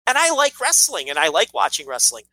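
A man's voice: high-pitched, huge pitch swings, fairly quick, bright, forceful tone, slight background noise, rough recording. A man co-hosting a casual wrestling podcast, rambling and blunt, swearing freely. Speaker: podcast co-host.

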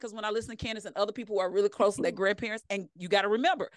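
A middle-aged woman, telling profane, animated stories as a podcast co-host. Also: mid-range voice, rapid-fire, hardly any pauses, no room sound, clean studio sound. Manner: animated, profane storytelling with acted-out quotes. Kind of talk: casual chat.

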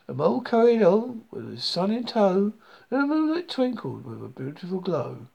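Storybook reader, rhyming, singsong, gravelly, husky. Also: mid-range voice, sing-song, a little mellow. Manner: slow, singsong rhyming delivery. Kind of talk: reading a rhyming children's book aloud.

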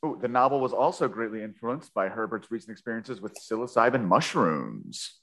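A man's voice: fairly low pitch, sing-song, a little fast, fairly bright tone. A man hosting a podcast, chatting casually about a book with a guest in a rambling, jokey way. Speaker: podcast host. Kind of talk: casual book-club chat.

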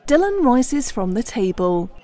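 A woman's voice: fairly high pitch, sing-song, unhurried, dark tone, faint music behind. A woman giving scripted narration for a comedy audio drama.

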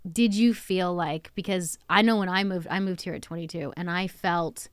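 A woman in her thirties from Australia with no accent, co-hosting a podcast in a giggly, teasing, animated way. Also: on the low side, moderate pace, clean tone, no echo, clean studio sound. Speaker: podcast co-host. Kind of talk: casual chat.

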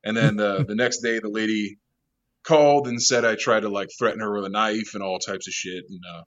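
A man guest in an interview, a bar manager telling a rowdy story, animated, laughing often and swearing freely. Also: lowish voice, brisk, lo-fi sound. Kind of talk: casual storytelling.

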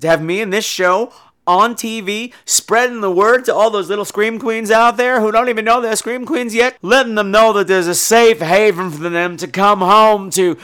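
A man hosting his own podcast, chatting casually in a campy, animated way and slipping into playful put-on voices. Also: sits high, normal speed, smooth. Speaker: podcast host. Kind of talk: casual solo podcast chat.

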